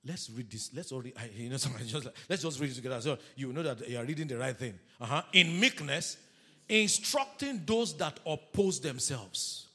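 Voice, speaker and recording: A man preaching a sermon as pastor, animated, calling the congregation to read scripture aloud with him. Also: medium pitch, racing, hardly any pauses, breathy edge.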